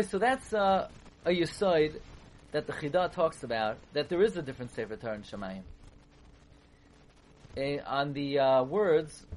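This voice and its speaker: Emphatic man giving a Torah lecture. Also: a little high. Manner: rhetorical questions, grows emphatic and animated. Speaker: Torah teacher. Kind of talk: Torah lecture on the weekly portion.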